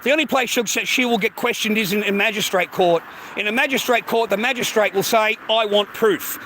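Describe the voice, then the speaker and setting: A man's voice: high voice, brisk, a bit bright, slight background noise, low-quality recording. A man with an Australian accent ranting in a casual, heated, profanity-filled monologue. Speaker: streamer.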